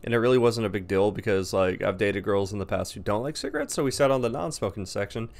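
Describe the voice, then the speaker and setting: A man's voice: fairly low pitch, fast talker, creaky. A young man ranting casually to camera as a vlogger, rambling, blunt and profane.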